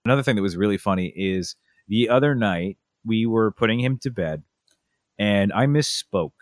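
Deep-voiced man telling family stories. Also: normal speed, dry recording, studio quality. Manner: animated storyteller, acts out a toddler's voice. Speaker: podcast co-host. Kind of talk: casual storytelling chat.

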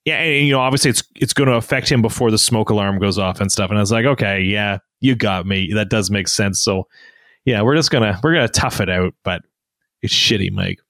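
A man's voice: lowish voice, a little fast, a bit bright, no room sound, studio quality. A man in his thirties, co-hosting a casual podcast chat, telling stories animatedly and laughing often. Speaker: podcast co-host.

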